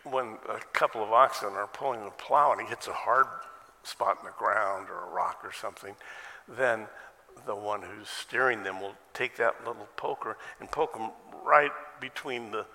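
A man's voice: on the low side, normal speed, bright, forceful tone, big-room sound. An American man preaching a sermon, firing off rhetorical questions and folksy asides. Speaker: pastor.

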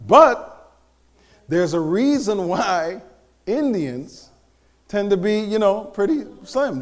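A man giving a live talk to an audience, animated and joking, teasing the crowd as he goes. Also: high voice. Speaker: speaker presenting to an audience.

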